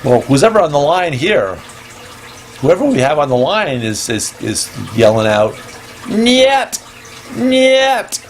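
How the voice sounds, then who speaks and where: Male host, mid pitch, hesitant playful deadpan, casual comedy ramble, faint noise behind. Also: normal speed. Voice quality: hesitant, full of ums and restarts.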